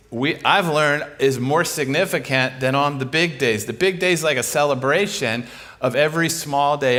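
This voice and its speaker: A man's voice: medium pitch, a bit bright. A middle-aged man preaching a conversational sermon, informal and humorous, telling stories and often restarting his sentences.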